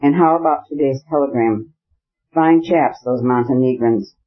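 A male narrator voicing an effusive, jovial middle-aged gentleman in an audiobook. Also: medium pitch, moderate pace, lo-fi sound, lightly acted. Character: beaming sociable gentleman, middle-aged man.

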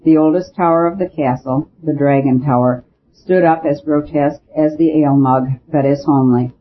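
Male audiobook narrator, measured, slightly high voice, dull lo-fi recording, faint hiss. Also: fairly even intonation. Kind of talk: scripted story narration.

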